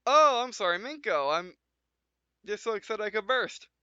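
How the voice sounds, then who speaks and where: An excitable young woman engineer, put on by a man reading a sci-fi game aloud, gushing and rambling. The voice sits high and bright. The recording is dry and a little dull. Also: moderate pace, smooth, dry recording. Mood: excited.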